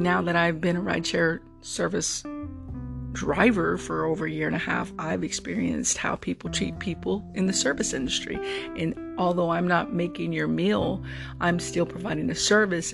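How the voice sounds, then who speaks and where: With guitar music playing in the background, a rideshare driver muses casually aloud in a creaky, mid-range voice. His monologue is reflective, and he keeps repeating words while looking for his next thought.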